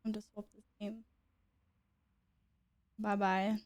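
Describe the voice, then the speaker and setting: A woman streamer chatting casually with her viewers, chatty and quick to apologize and giggle. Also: medium pitch, flat delivery, darkish tone. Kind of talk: casual live-stream chat.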